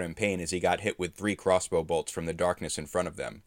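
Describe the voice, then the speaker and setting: A man narrating a tabletop game session as a story in steady, understated prose. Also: deep voice, brisk, few pauses, no room sound, clean studio sound.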